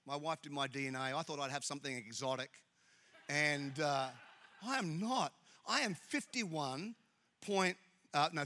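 A middle-aged Australian man preaching a humorous sermon in church, telling animated, jokey stories. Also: fairly high pitch.

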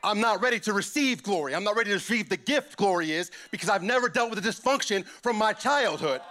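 A man giving an impassioned testimony at church, emphatic and repeating lines as he builds to shouts. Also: high voice, lively intonation, fast.

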